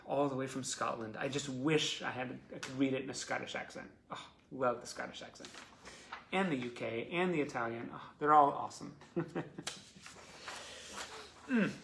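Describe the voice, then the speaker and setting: A man's voice: mid-range voice, moderate pace, creaky, long pauses, slight background noise. A man hosting a live stream, reading out fan messages and reacting to each one. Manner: reads letters with rising excitement, chuckles between them.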